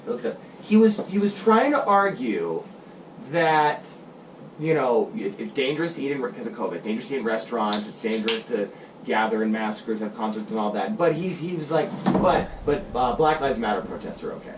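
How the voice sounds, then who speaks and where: Animated man, echoey room. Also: medium pitch, brisk, noisy background. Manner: animated, profane, emphatic. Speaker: podcast guest. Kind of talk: casual chat. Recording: echoey room, mic at a distance.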